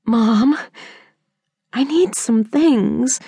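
A woman voicing a frightened fifteen-year-old girl who pleads softly, in an audiobook. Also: on the high side, drawn-out words, creaky, slightly rough, no echo, pitched above the performer's own voice, heavily acted. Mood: pleading softly. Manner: soft, pleading, hushed. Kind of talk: audiobook character voice. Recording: dry close studio sound.

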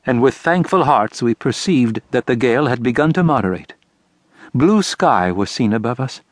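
Measured male audiobook narrator. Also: mid-range voice, dry recording. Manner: measured, expressive storytelling. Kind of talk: scripted narration.

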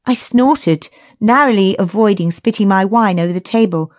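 A woman's voice: medium pitch, moderate pace, darkish tone. A woman reads a first-person romance with a wry, chatty storytelling manner. Her voice sits at an ordinary middle height and is captured dry and close, with no echo at all. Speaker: audiobook narrator. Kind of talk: first-person audiobook narration.

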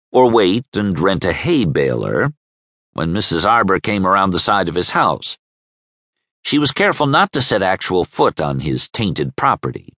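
Male audiobook narrator, wry, expressive; dry studio sound. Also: sits low, no room sound. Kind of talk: scripted narration.

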